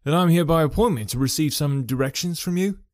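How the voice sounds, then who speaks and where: A man voicing an excitable young male clerk in an audiobook, speaking up eagerly. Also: a little high, fast talker, no room sound, clean studio sound, pitched above the performer's own voice, lightly acted. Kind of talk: audiobook character voice.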